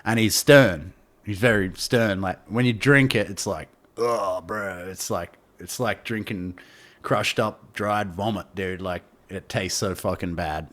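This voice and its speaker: Low-voiced man, rambling and swearing. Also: unhurried, a bit bright. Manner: rambling, swearing, laughing, heavy slang. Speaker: podcast guest. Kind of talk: casual storytelling.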